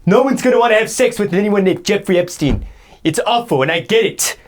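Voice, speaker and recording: A man's voice: high-pitched, lively intonation, fairly quick, slight background noise. A man playing a boastful, self-pitying guy who rambles indignant complaints in an improvised comedy sketch.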